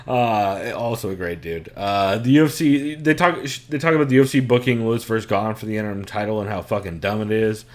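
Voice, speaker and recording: A man's voice: lowish voice, fairly quick, hardly any pauses. A man co-hosting a fight podcast in loose, profane chat, laughing often and steering the talk back on topic. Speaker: podcast co-host. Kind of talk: casual chat.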